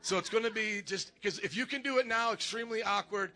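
High, bright-voiced pastor calling out to a congregation. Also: male voice, quick pace. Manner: animated, joking, calls out to the congregation. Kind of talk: energetic church announcements. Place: church sanctuary.

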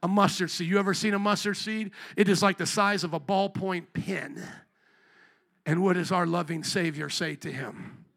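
A male pastor preaching a sermon in an animated, joking way, calling out to the congregation. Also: sits high, normal speed, vocal fry.

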